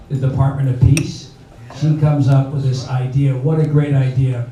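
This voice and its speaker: A man's voice: a little high, fairly even intonation, normal speed, mellow. A man in his late seventies hosting a comedy benefit on stage, in a rambling, folksy way full of fillers. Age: older. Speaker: emcee. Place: bar venue. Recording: echoey bar, far mic, crowd noise.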